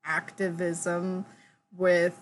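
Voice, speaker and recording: A woman's voice: fairly low pitch, completely flat delivery, drawn-out words, slight background noise. A woman co-hosting a casual podcast, chiming in with joking, chatty asides. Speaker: podcast co-host. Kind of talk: casual chat.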